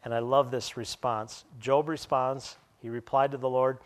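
A man preaching a sermon as pastor, animated and wry, often chuckling at his own asides. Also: mid-range voice, moderate pace, hardly any pauses.

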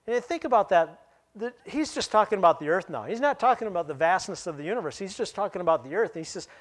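A pastor delivering a sermon in a somewhat high-pitched male voice. He is lively and wry, and he chuckles between points as he explains scripture to his congregation. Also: fast talker. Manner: animated, chuckling, wry asides.

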